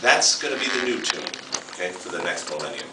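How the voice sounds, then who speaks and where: A man's voice: deep voice, expressive, a little fast, noisy background. A man in his thirties giving a fired-up, emphatic motivational talk as a seminar speaker. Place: seminar room. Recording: echoey room, mic far off.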